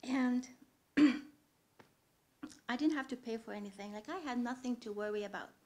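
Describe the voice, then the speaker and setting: A woman tells her own story live from a theatre stage. She speaks earnestly, pauses often and rises to sudden loud swells. Her voice sits a little high.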